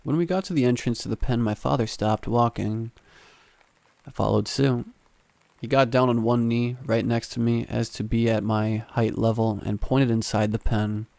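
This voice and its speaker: A man reads a scary story in the first person, calm and steady. His voice has a gravelly, creaky texture at a middling pitch. The recording is dry and close, with no room sound. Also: moderate pace, dry recording. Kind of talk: scripted horror narration.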